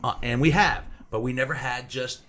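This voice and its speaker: A man's voice: mid-range voice, normal speed, a bit bright. A man in his sixties hosting a podcast, chatting casually and telling rambling, self-deprecating stories. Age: 60s. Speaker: podcast host. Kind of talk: casual chat.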